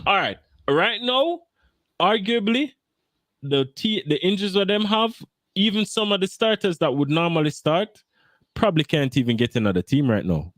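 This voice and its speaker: Man, lively pitch, dry close sound, heated football banter. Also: normal speed, no room sound. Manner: animated, swears, argumentative. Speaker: podcast co-host.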